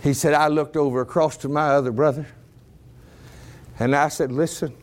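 A man's voice: on the high side, moderate pace, darkish tone. A male preacher telling a story fervently in a revival sermon, repeating himself for weight.

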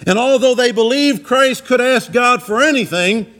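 A man's voice: normal speed, fairly bright tone. A man preaching a sermon in a church, swinging his voice up and down for emphasis as he retells the scripture. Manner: preaching with dramatic rises and drops in pitch.

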